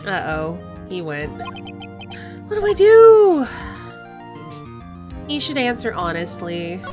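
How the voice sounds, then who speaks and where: A woman's voice: medium pitch, wildly swooping pitch, slow pace, a little mellow, faint music behind, voice pushed down. A woman voicing a nervous young male defense attorney in a game, thinking aloud. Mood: worried. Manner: anxious inner monologue. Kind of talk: game voice-over.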